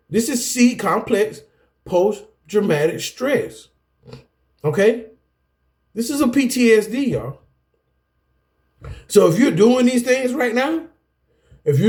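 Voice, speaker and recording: A man's voice: high voice, darkish tone. A man giving a self-help lesson to camera in a preacher-like cadence, often laughing and breaking off mid-sentence. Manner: preacher-like cadence, addresses viewers as y'all. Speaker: self-help video teacher. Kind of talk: preachy talk to camera about anger.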